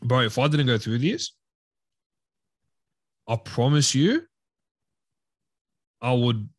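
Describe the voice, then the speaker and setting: A young man co-hosting a casual podcast speaks in a relaxed, candid way and calls his friend bro again and again. His pitch is medium. The sound is close-miked and dry. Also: takes it slowly, no room sound. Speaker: podcast co-host.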